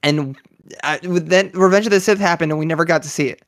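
A man in his twenties in a casual chat, talking earnestly and excitedly as a fan. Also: a little high, brisk, no room sound, clean studio sound. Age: 20s.

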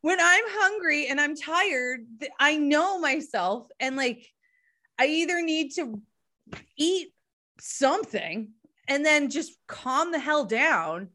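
A woman's voice: high-pitched, takes it slowly. A middle-aged woman, hosting a podcast and telling stories in casual chat, swearing freely. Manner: animated storytelling, swears casually. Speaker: podcast host.

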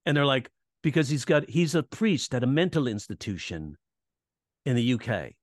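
A man's voice: medium pitch, sing-song, moderate pace, no echo, studio quality. A man coaching comedy writing in a casual interview, explaining in a teaching tone and acting out audience reactions and quoted lines. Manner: teaching tone, checks in with "right?".

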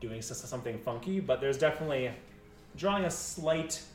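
A man narrating as game master in a rambling, lively way with many restarts. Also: mid-range voice, a little fast, faint music behind. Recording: echoey room, mic far off.

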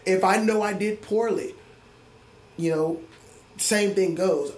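Speaking slowly in a voice that sits high, an adult man, a middle school music teacher, gives an earnest, reflective interview. He often restarts his sentences. The recording comes from an echoey room with faint ambience.

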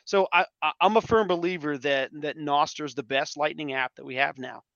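A man in casual podcast chat, telling stories in an animated way, repeating words and swearing now and then. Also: a little high, normal speed, vocal fry, dry recording, lo-fi sound. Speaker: podcast guest.

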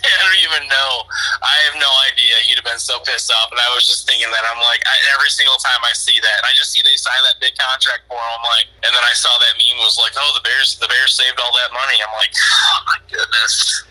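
Fast-talking husky man in casual chat. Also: medium pitch, steady tone, sharp tone, poor audio. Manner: rambling, repeats himself, many fillers. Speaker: podcast guest.

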